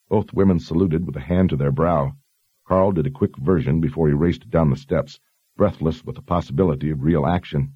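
An audiobook narrator reads a fantasy story in a measured, even manner, his voice very deep and husky. The recording is close and dry with no echo, and the sound is slightly dull.

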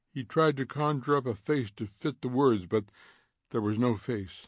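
A man's voice: medium pitch, normal speed, dry recording. Man reading a story, dry sound. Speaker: narrator. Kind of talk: audiobook reading.

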